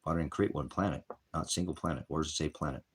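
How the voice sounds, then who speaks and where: A man delivers an informal, meandering sermon in a deep, husky voice. He is combative and swears freely, and he clears his throat often between points. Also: rapid-fire. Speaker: street preacher.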